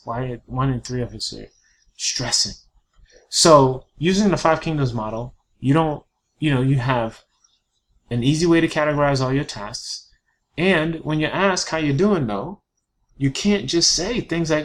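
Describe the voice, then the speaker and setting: A man's voice: mid-range voice, expressive, a little slow. A man presenting a productivity webinar in a casual lecturing style, peppered with "you know" and "right?". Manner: chatty, fillers and tag questions.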